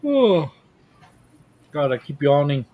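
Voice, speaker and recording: A man's voice: fairly high pitch, sing-song, slow, narrow, tinny audio, a little hiss or hum. A man chatting playfully on a casual podcast, teasing and joking.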